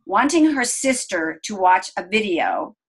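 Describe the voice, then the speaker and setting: A middle-aged woman recounts a family story in an earnest, gentle voice of ordinary middle pitch. She slows down and softens as she describes the calm moments. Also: slightly rough, rough recording. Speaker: interview guest. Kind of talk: personal storytelling.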